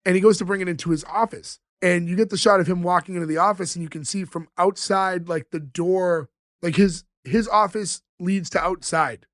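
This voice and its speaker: A man's voice: sits high, a bit bright, dry recording, studio quality. A man co-hosting a podcast, casually recapping an episode's scenes and quoting the characters. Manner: retells scenes, quoting characters in quick bits. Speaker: podcast co-host.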